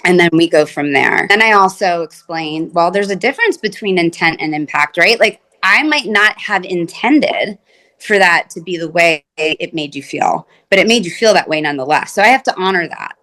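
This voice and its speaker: A woman's voice: lowish voice, lively intonation, normal speed, sharp tone. A woman couples therapist speaking in an interview, earnest and explanatory, often acting out the words of her clients. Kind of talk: conversational interview.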